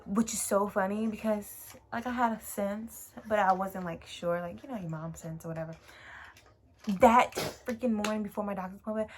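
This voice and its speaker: A young woman vlogger telling a story in a casual, emotional way, with lots of fillers and casual swearing. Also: mid-range voice. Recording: clear background noise.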